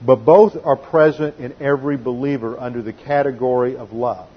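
Male pastor, mid-pitched, methodical doctrinal sermon, slightly dull lo-fi recording. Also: fairly even intonation, normal speed, husky. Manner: methodical teaching, reads scripture quotes aloud.

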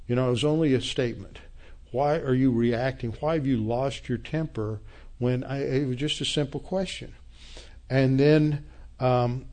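A man's voice: medium pitch, a little mellow. A man preaching a sermon, teaching a Bible passage verse by verse in an emphatic manner. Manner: emphatic Bible teaching with frequent restarts and quoted voices. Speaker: pastor.

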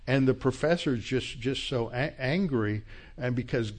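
Man, Bible class teacher, conversational lecture, reflective, mid-pitched voice. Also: measured pace. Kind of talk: lecture on Christian apologetics, closing in prayer.

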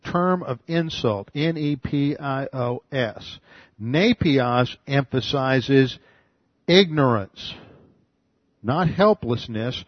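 A man's voice: mid-range voice, no echo. Methodical man teaching Greek words, lo-fi. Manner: methodical, spells out Greek words, repeats key points. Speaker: Bible teacher. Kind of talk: expository Bible teaching. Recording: dull lo-fi dry recording.

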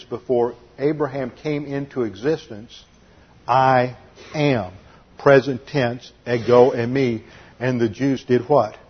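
Husky male Bible teacher, methodical. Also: medium pitch, muffled recording. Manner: methodical, lists numbered points and spells out words. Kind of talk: expository sermon.

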